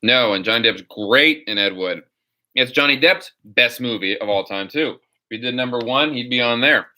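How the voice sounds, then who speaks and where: A man hosts a live chat stream and reads out viewer questions before ranting his answers. His voice is bright and forceful, and he talks in an opinionated, rambling way at an ordinary middle pitch. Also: normal speed. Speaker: host.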